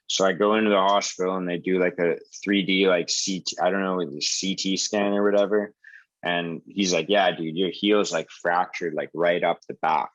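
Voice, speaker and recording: Young man, very low voice, rambling profane storyteller, dull video-call sound. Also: fairly even intonation, moderate pace, no room sound. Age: 20s. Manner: rambling, profane, lots of "like" and "dude". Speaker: support group host.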